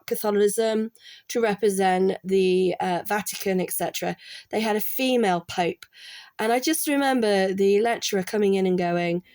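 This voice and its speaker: A woman's voice: medium pitch, a little mellow, dry recording. Chatty woman rambling with dry sound. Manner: chatty, rambling, with restarts and quoted dialogue. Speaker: artist and former college art support worker. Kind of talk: casual talk while working on art.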